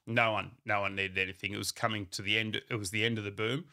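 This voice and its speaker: This is a man with a fairly low, gravelly voice. His tone is bright and forceful, and he tells his story as a company founder in a relaxed, chatty way. He brings his anecdotes to life by acting out what people said to him. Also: fast. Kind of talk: casual storytelling.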